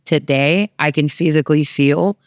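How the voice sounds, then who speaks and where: A woman's voice: normal speed, clear, resonant tone, no echo, clean studio sound. A middle-aged woman, a mother, telling family stories in a candid podcast chat and acting out what was said. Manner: animated storyteller, acts out quotes with big pitch jumps.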